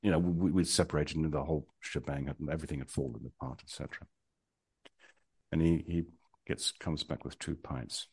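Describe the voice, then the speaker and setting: A man's voice: rumbling low, fairly even intonation, a little fast, darkish tone, breathy edge, no echo. A man in his sixties, answering interview questions in a reflective, hesitant way with many ums and wry humor. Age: 60s. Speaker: guest.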